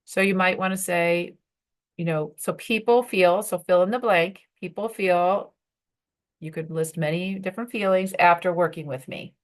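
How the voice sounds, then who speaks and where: A woman with a fairly low voice and moderate pace leads a workshop for professional women. Her talk is conversational, with fillers and acted-out bits of dialogue.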